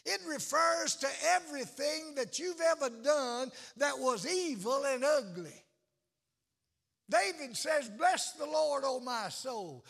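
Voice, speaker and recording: A man preaching a sermon, shouting and chanting phrases in a slow, drawn-out, impassioned way. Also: very high voice, animated, gravelly. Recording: echoey hall.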